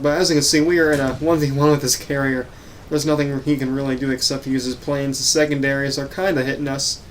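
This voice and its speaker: Casual male gameplay commentator, faint hiss. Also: mid-range voice. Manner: casual, self-correcting, some stammering. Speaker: gaming channel host. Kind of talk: voice-over commentary on recorded gameplay.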